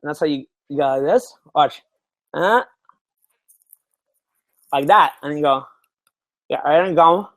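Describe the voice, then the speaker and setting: A man's voice: fairly high pitch, measured pace, pauses often, fairly bright tone, no room sound. A man in his thirties, a dating coach, talking loosely and animatedly to camera, swearing freely and laughing often. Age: 30s. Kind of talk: casual coaching talk to camera. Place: small indoor room, seated.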